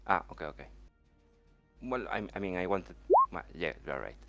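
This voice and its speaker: A man playing in an online tabletop game, talking hesitantly with many pauses and restarts. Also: low-pitched, expressive, gravelly, bright, forceful tone, no echo, faint music behind. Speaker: player. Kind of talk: casual tabletop play.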